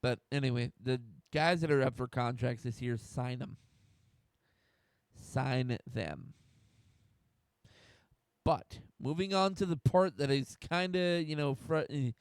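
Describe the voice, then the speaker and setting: A man's voice: mid-range voice, gravelly, no echo, clean studio sound. A young man from the United States hosting a solo sports talk stream, getting fired up, swearing and restarting his sentences. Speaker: host.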